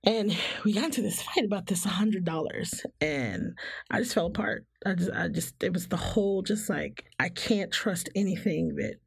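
A woman with a gravelly, husky voice speaks candidly and laughs often, breaking into higher voices when she mimics friends and family. Her voice is close and dry, with no room sound. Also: moderate pace, dry recording. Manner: animated, laughs often, acts out others' voices. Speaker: guest. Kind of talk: candid personal conversation.

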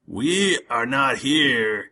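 A man voicing a drunk, hostile male barbarian at a tavern, gruff and slurred. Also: medium pitch, animated, very slow, sharp tone, pitched above the performer's own voice, heavily acted.

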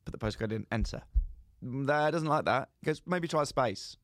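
A man's voice: medium pitch, animated, moderate pace, no echo, studio quality. A young man co-hosting a podcast, telling a comic story and acting out both sides of phone calls. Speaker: podcast co-host. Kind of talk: casual storytelling chat.

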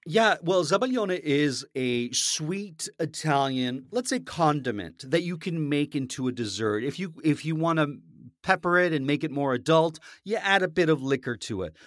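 A man co-hosting a casual food podcast, talking in an animated, blunt way and swearing casually. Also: on the high side, moderate pace, no room sound, studio quality. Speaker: podcast co-host.

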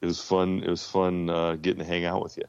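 Very deep gravelly man, muffled sound. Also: monotone, brisk, a little mellow, no echo. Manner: easygoing, rambling. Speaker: podcast guest. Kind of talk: casual chat.

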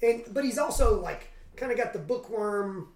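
A woman's voice: medium pitch, lively intonation, normal speed, a little mellow. A woman co-hosting a casual movie recap podcast, sarcastic and jokey. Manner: sarcastic, jokey, slips into mock voices. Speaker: podcast co-host. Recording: roomy echo.

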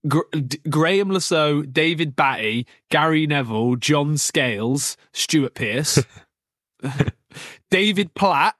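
A man's voice: a little high, expressive, takes it slowly, fairly bright tone, no echo, studio quality. A young man hosting a casual football podcast, rambling and joking, laughing often and restarting his sentences. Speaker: podcast host.

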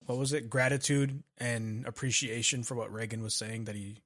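A man's voice: mid-range voice, little pitch movement, moderate pace, a bit bright. A man co-hosting a podcast, chatting casually with loose, profane talk and lots of agreeing murmurs. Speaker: podcast co-host. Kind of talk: casual chat.

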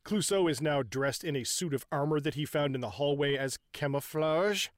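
A man in casual chat, excitedly retelling a film scene, swearing often and laughing as he goes. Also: a little high, normal speed, dry recording, clean studio sound.

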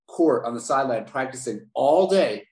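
A man in his forties from Baltimore tells his story as a podcast guest. He speaks at a middle pitch, energetic and quick to repeat himself. His voice carries a noticeable room echo. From Baltimore, USA. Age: 40s. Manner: animated storyteller, repeats words. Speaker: podcast guest, former basketball player. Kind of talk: interview storytelling. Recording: roomy echo.

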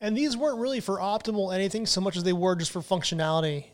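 High-voiced, chatty male wine host. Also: fast. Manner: enthusiastic and chatty. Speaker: podcast host and wine educator. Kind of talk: casual explanatory podcast lesson.

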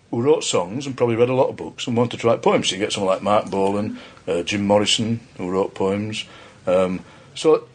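A man's voice: medium pitch, breathy edge. A man who is a poet, chatting casually as a podcast guest, rambling and joking with lots of restarts.

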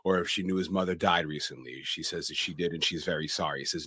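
A man co-hosting a casual podcast, retelling film scenes in a plain, steady way. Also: rumbling low, quick pace, few pauses, slightly rough, dry recording, clean studio sound. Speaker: podcast co-host.

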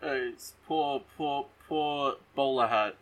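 A man's voice: medium pitch, takes it slowly, a bit bright. A man co-hosting a podcast who recaps a movie in a rambling, jokey way, full of ums and restarts. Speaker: podcast co-host. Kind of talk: casual comedic movie recap.

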